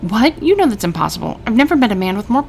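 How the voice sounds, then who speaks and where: A woman's voice: medium pitch, sing-song, fast, creaky, a little mellow, a little hiss or hum, voice pushed up. A woman reading as a weary shop owner. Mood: warm.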